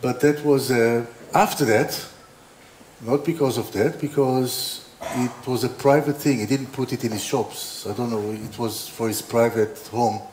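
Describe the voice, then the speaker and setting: A man's voice: medium pitch, unhurried, a little mellow, a little hiss or hum. A man giving an informal opening talk as a designer, telling rambling anecdotes with restarts and dry humor. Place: exhibition hall. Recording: roomy hall with faint ambience.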